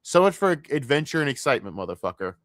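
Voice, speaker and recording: A man streaming a reaction to a video, ranting and swearing constantly, with sudden loud outbursts between muttered asides. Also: medium pitch, very animated, fast talker. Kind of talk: casual profane reaction commentary.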